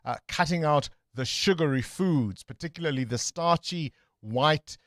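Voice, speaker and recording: A man's voice: on the high side, a little slow, fairly bright tone, no room sound. Upbeat male radio host, dry studio. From South Africa. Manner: upbeat, chatty, takes callers. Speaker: radio talk show host. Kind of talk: breakfast radio phone-in.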